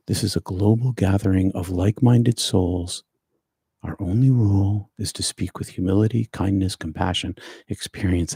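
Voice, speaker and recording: A man hosting a spiritual livestream, speaking slowly and repetitively with gentle emphasis. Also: low-pitched, no echo, studio quality. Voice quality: gravelly, husky. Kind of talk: meditative live-stream talk.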